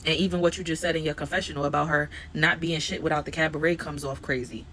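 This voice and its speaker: A woman's voice: low voice, steady tone, fast, a bit bright, a little hiss or hum. A woman vlogger recapping a reality TV episode in a casual, slangy, conversational storytelling voice.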